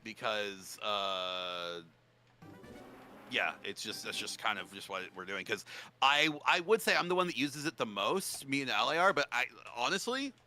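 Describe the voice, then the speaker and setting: A man's voice: fairly low pitch, expressive, a little slow, bright, forceful tone. A man from the United States chatting on a stream, heated and ranting, swearing often. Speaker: streamer guest. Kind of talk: casual chat.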